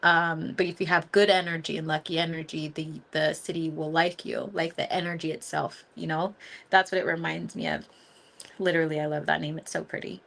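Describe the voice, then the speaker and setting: Gravelly-voiced woman gushing on a livestream. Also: low-pitched, flat delivery, a little fast, a bit bright. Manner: gushing and affectionate, laughs often, filler-heavy. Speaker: spiritual teacher hosting a live Q&A. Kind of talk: casual live-stream chat answering viewer comments.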